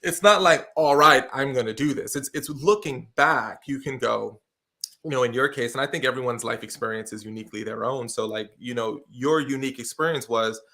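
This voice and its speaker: A man with a bright, forceful voice tells stories as a guest on a talk show. He speaks with lively energy and explains his points with feeling. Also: medium pitch, fairly quick. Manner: energetic, expressive storyteller with many fillers and restarts. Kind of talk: casual conversational interview.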